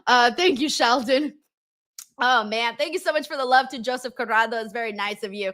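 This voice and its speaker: A woman's voice: on the high side, fairly quick, fairly bright tone. A woman hosting a live stream, reading viewers' comments aloud in casual chat, laughing often and swearing freely.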